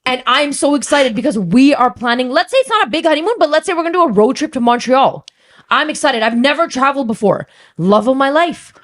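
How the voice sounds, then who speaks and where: A young adult woman co-hosting a podcast, chatting casually with dramatic, animated storytelling. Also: high-pitched, fast talker. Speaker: podcast co-host. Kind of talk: casual chat.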